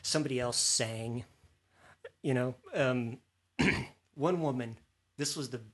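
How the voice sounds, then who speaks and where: A man casually telling an animated anecdote from his student days, with a slightly husky voice. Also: medium pitch, takes it slowly. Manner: animated storyteller, acts out quoted lines. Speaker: former student telling a story.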